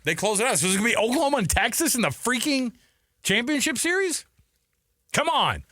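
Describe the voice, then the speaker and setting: Animated bright-voiced sports radio man. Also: very high voice, fairly quick, no echo, studio quality. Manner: animated, laughing storyteller. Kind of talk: casual sports talk chat.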